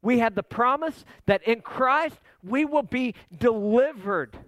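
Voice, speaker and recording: High-voiced preacher, dry sound. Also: male voice, expressive, slow pace, a bit bright, no echo. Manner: conversational and emphatic, with asides to the listeners. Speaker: pastor. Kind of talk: sermon.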